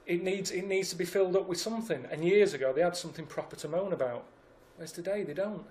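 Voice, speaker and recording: Deadpan grumbling man. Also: high voice, fast talker. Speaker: podcast regular. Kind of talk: comic podcast banter.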